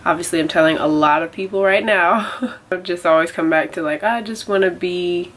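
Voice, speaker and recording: A woman's voice: lowish voice, fairly even intonation, a little fast, fairly bright tone, low-quality recording. A young woman vlogging about a setback in a casual, rambling way, with a nasal voice and lots of filler words. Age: young adult. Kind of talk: casual confessional vlog.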